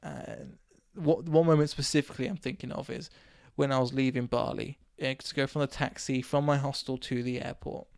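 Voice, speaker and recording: A man from England, hosting a casual solo podcast and telling a rambling story while his voice is going hoarse. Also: mid-range voice, normal speed, few pauses, no room sound, clean studio sound. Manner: rambling, animated anecdote with acted quotes. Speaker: podcast host.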